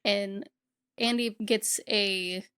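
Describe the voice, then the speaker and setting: A woman's voice: mid-range voice, steady tone, drawn-out words, bright, forceful tone, smooth. A woman with a mid-range voice co-hosts a podcast in easy, casual conversation. She recaps film scenes and often jumps in to complete her partner's sentences. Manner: chatty, finishes co-host's sentences. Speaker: podcast co-host.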